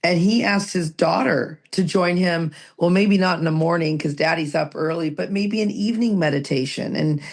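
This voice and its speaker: A woman co-hosting a recovery podcast, talking in a lively, rambling way and reading passages aloud. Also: fairly low pitch, moderate pace, creaky, few pauses. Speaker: podcast co-host. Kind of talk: casual recovery podcast chat.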